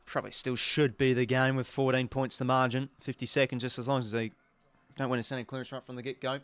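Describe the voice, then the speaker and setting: An Australian man hosting a live football watch-along, talking as an excitable, sweary fan who reacts to each play. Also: medium pitch, fast, smooth, no room sound. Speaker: host.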